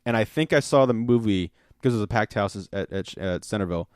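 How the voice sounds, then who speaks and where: Male podcast host, low voice, dry mic; excitable rambler, swears freely. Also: a little fast, clear, resonant tone, no room sound. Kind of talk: casual chat.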